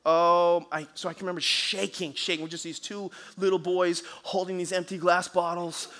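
A man preaching as a pastor, telling a lively story and then leading a hushed, earnest prayer in a church. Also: high voice, moderate pace. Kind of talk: sermon with storytelling and altar call. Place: church auditorium.

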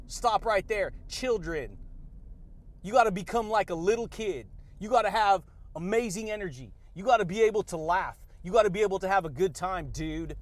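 A man hosting a motivational podcast who talks in an energetic, slangy way and laughs a lot. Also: high voice. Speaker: podcast host. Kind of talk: motivational talk.

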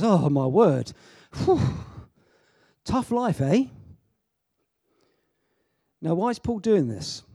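A man's voice: medium pitch, animated, moderate pace, warm tone, breathy edge, no echo, clean studio sound. A man giving an informal, joking sermon with frequent asides and restarts. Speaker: preacher. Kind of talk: informal sermon to a youth audience.

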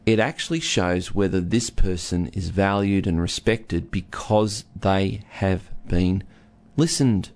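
A man's voice: sits low, slow, hardly any pauses, darkish tone. A man who counsels couples, explaining listening through an everyday story, acting out both partners as he goes. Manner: storytelling, acts out husband and wife. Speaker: relationship counsellor. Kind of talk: casual teaching talk with a co-host.

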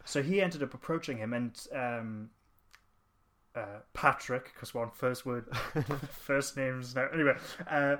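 A man chatting on a podcast at an ordinary middle pitch. He rambles through a story, circling back with ums and restarts. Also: takes it slowly, noisy background. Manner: rambling anecdote with fillers and restarts. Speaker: podcast co-host. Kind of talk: casual chat.

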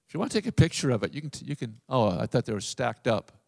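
A man preaching a sermon, emphatic, with drawn-out phrases and repeated lines. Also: mid-range voice, sing-song, creaky, big-room sound. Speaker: pastor.

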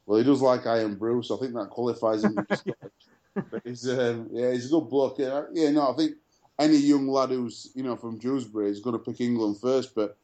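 A man's voice: mid-range voice, fairly even intonation, a little fast, warm tone. A man co-hosting a casual sports chat show, telling stories full of fillers and restarts. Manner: chatty storyteller, many fillers and restarts. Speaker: podcast co-host.

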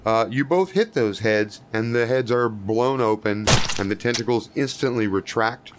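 A man's voice: mid-range voice, normal speed, heavy background noise. Man running a tabletop game, loose and profane. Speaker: game master.

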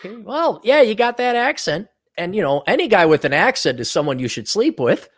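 Animated joking American man. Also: sits high. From United States. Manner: animated, joking, quick asides. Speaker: podcast host. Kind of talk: casual chat.

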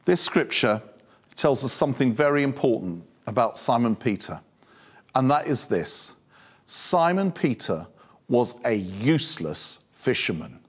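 A male preacher giving a humorous, animated sermon full of storytelling. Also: mid-range voice, unhurried, breathy edge.

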